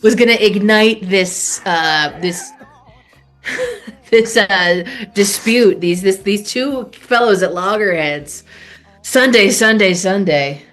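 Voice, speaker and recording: A woman's voice: mid-range voice, takes it slowly, a bit bright, faint music behind. A woman co-hosting a casual show, reading out scores and giggling. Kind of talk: casual chat on a live show.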